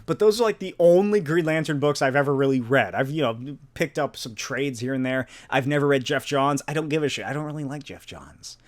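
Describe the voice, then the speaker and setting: A man's voice: mid-range voice, a little fast, hardly any pauses. A man hosting a solo podcast, rambling casually, swearing and laughing often. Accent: non-native or regional accent. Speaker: podcast host.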